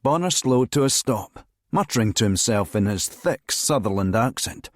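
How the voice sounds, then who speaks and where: A man narrating a crime thriller audiobook in a measured, steady reading voice. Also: medium pitch, dry recording, studio quality. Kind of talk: scripted narration.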